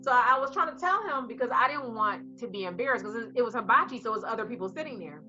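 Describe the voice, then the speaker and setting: Animated woman telling a story. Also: on the high side, quick pace, music in the background. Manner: animated, acts out voices in her story. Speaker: co-host. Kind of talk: casual chat, storytelling. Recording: slightly muffled recording.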